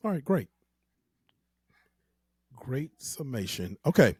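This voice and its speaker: A man's voice: mid-range voice, very animated, slow pace, darkish tone, breathy edge, dry recording, clean studio sound. A man with a Southern US accent co-hosting an interview show in a loose, jokey way, sometimes tripping over his words. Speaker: co-host.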